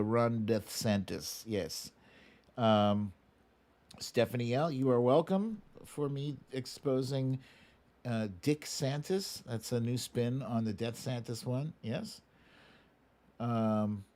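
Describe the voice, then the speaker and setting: A man hosting a live stream in casual chat, reading viewer comments aloud and answering them with quick asides and hums. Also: mid-range voice. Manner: animated, frequent chuckles and filler hums. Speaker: livestream host.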